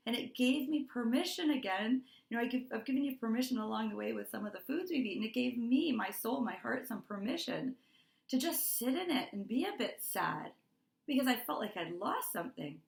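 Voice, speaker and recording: A woman's voice: on the high side, lively intonation, fairly quick, creaky, echoey room. A middle-aged woman talking as a wellness coach to her course members, earnest and heartfelt, repeating words for emphasis. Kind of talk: motivational talk to course members.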